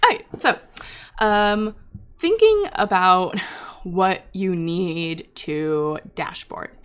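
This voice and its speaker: A woman's voice: on the low side, lively intonation, extremely slow, a bit bright, clean tone. A woman hosting and teaching a live online class, talking off the cuff and straight to her viewers, with many ums and restarts. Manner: talks straight to viewers in chat. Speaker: instructor hosting a data science livestream. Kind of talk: unscripted livestream teaching.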